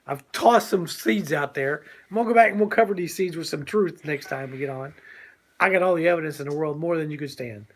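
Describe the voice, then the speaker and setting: A man's voice: on the high side, a little fast, slight background noise. An older man co-hosting a casual talk show, speaking in a preachy, emphatic way and laughing often. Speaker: co-host.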